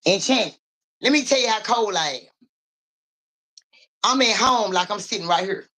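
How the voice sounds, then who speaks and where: A young woman live-streaming as a psychic reader, telling a story in animated, profane casual talk and speaking straight to her viewers. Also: mid-range voice, normal speed.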